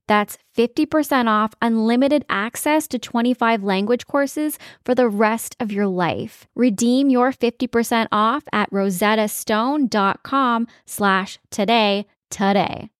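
A woman's voice: fairly high pitch, dry recording, clean studio sound. Upbeat woman reading a sponsor ad. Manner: upbeat, persuasive. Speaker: podcast host reading an ad. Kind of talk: scripted ad read.

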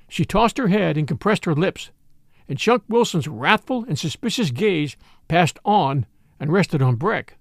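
A man narrating an audiobook in an expressive storytelling way. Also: fairly high pitch, unhurried, creaky, no room sound, clean studio sound.

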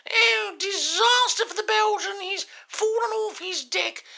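A prim old queen gushing over a sporting event in a cut-glass voice. Her voice is very high and gravelly. It also has a bright edge. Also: a little slow, full character voice. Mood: prim excitement. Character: elderly queen doing sports commentary.

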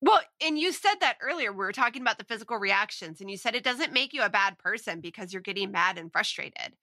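A woman's voice: mid-range voice, expressive, quick pace, sharp tone, dry recording. A woman co-hosting a parenting podcast in casual chat, speaking emphatically, laughing easily and drifting into tangents. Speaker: podcast co-host.

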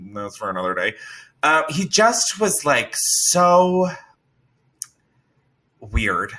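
Young male podcast host, animated storyteller, bright tone. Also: medium pitch. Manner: animated, swearing, laughs a lot. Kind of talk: casual storytelling.

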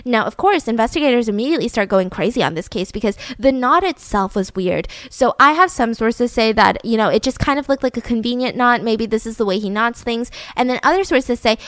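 A woman's voice: on the high side, animated, a little fast, hardly any pauses, fairly bright tone, no echo. A young woman hosting a podcast, telling a true-crime story in a casual, chatty way with a lot of fillers. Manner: chatty, heavy use of "like". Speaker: podcast host.

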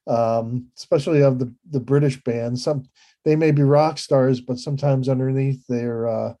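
A man's voice: medium pitch, fairly even intonation, normal speed, dark tone. A man interviewing a photographer, asking rambling, hesitant questions with frequent chuckles. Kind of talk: casual interview.

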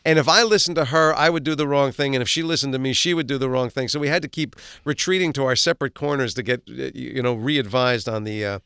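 A middle-aged man and actor, a guest, telling animated, self-deprecating show-business stories in a casual interview. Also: mid-range voice, fast, hardly any pauses, clear, resonant tone, no room sound, studio quality.

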